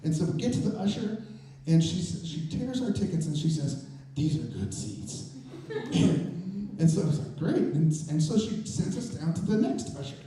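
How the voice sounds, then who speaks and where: A man telling a personal story to a live audience on stage, in a lively conversational way that builds suspense. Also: sits high, moderate pace. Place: stage in a performance venue. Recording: very echoey, voice from a distance.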